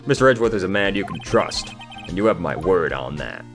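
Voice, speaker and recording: A man doing a gruff earnest detective. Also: deep voice, sing-song, brisk, heavily acted. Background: video game music.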